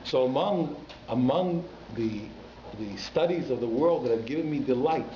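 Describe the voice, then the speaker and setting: Animated rabbi lecturing in an echoey hall. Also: male voice, mid-range voice, normal speed, slight background noise. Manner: animated, conversational, with teasing asides to the audience. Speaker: rabbi teaching a class. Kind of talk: informal Torah lecture to a congregation. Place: synagogue hall. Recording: echoey hall, slightly muffled.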